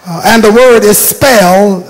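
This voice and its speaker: A man's voice: sits high, unhurried, long reverb tail. An older man preaching a sermon, telling stories emphatically and repeating phrases for effect, in a church sanctuary. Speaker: bishop preaching.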